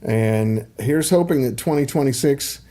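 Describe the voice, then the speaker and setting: A middle-aged man talks casually on his livestream, drifting from one aside to the next with plenty of ums. His voice is mellow and warm, sitting at an ordinary pitch for a man. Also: unhurried. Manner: rambling, chatty, many ums and asides. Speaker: livestream host.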